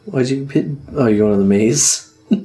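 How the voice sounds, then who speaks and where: A man's voice: mid-range voice, moderate pace, dark tone. A young man co-hosting a let's play, joking crudely and laughing with his friend. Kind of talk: casual gaming banter.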